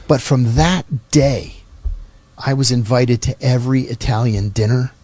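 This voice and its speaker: A man's voice: mid-range voice, takes it slowly, darkish tone, no room sound. A man telling a personal story on a podcast in a conversational, self-deprecating way, acting out the dialogue.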